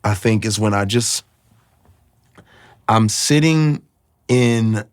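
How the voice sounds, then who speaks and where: A man telling his personal faith testimony in a reflective, halting, emotional way. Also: fairly low pitch, no room sound, studio quality. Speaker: guest sharing his testimony.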